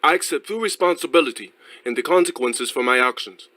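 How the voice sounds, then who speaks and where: A man's voice: medium pitch, expressive, fairly quick, sharp tone, no echo, pitched above the performer's own voice, rough recording. A man reading a formal apology aloud in a stiff, botched fake English accent, played from a stream clip. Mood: pompous.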